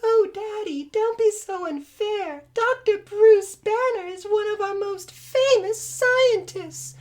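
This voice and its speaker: A woman voicing a prim young woman in a comic read-aloud, in a high squeaky falsetto that cracks. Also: slow pace, a little mellow. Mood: pleading.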